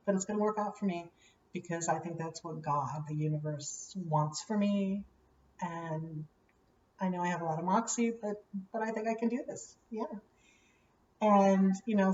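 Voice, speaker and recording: A woman telling a personal story in a casual vlog, chatty with many fillers and lively quoted voices. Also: lowish voice, roomy sound, recorded from a distance, highs cut off, a little hiss or hum. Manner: chatty, many "you know" fillers, animated quoting. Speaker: vlogger.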